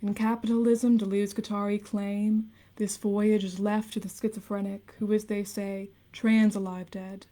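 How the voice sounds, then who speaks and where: A young woman in her twenties reads dense theory aloud on a late-night stream. Her voice is mellow and soft, with little rise and fall. She drops into hushed, casual asides between passages. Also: medium pitch, level tone, normal speed, few pauses. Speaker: livestreamer reading aloud.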